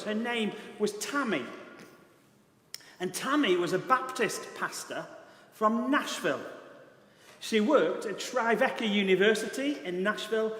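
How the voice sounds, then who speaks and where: A man's voice: sits high, fairly bright tone. A British man preaching a sermon as pastor, telling a story in an earnest, emphatic way. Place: large church hall. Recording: echoey church hall.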